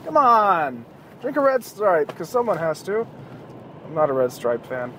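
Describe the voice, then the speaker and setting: A man's voice: high-pitched, big pitch swings, unhurried, a bit bright. A man in his thirties hosting a podcast, ranting casually and sarcastically with plenty of swearing, recorded in a car while driving home at night. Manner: profane, rambling, sarcastic. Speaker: podcast host. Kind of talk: casual solo rant. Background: faint passing traffic.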